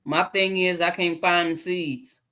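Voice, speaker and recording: An easygoing woman chats casually about her garden, her bright, clear voice often breaking into appreciative "mm"s as she tastes the fruit. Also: on the low side, steady tone, a little slow. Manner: easygoing, savoring food with "mm" sounds. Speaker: guest gardener. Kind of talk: casual chat.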